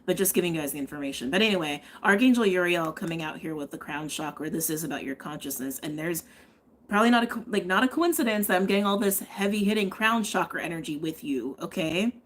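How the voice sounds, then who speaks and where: A woman's voice: on the low side, expressive, quick pace, slight background noise. A woman giving a live tarot and astrology reading, chatting and thinking aloud, often checking in with "okay?". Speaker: tarot reader.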